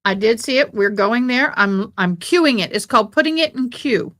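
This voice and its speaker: A woman's voice: a little high, lively intonation, normal speed, a bit bright. A woman hosting a casual livestream, chatting and reading out viewer comments. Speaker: livestream host covering a trial. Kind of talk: casual live chat.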